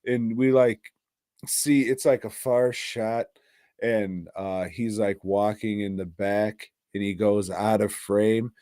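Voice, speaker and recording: A man's voice: lowish voice, steady tone, slow pace, dark tone, no room sound, clean studio sound. A man co-hosting a podcast who retells movie plots in a rambling, profane, casual way. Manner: rambling, profane, laughing at his own story. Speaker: podcast co-host. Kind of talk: casual movie-recap chat.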